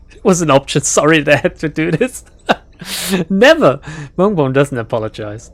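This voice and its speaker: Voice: mid-range voice, lively intonation, measured pace. A gaming YouTuber giving casual let's-play commentary, joking, swearing and laughing at their own slips while playing.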